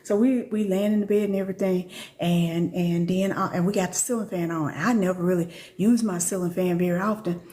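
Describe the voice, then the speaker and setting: Speaking briskly in a warm, steady tone, a middle-aged woman who works as a spiritual teacher talks casually on a live stream. Her storytelling is slangy and profane, and she voices quoted lines much higher than her normal speech.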